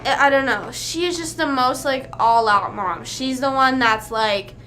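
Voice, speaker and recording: A young woman with a fairly high, bright voice rambles through a casual livestream chat, leaning on "like" at every turn. Faint music plays behind her at her home streaming setup. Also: unhurried. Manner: rambling, chatty, full of "like" fillers.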